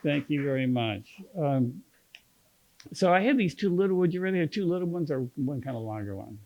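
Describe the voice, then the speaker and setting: Gravelly Kentucky man reading poems. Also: on the high side, expressive, fairly quick, a little mellow, dull audio. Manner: joking, chatty asides to the audience between poems. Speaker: poet and magazine editor reading at a book launch. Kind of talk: poetry reading with audience banter. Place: literary center event room.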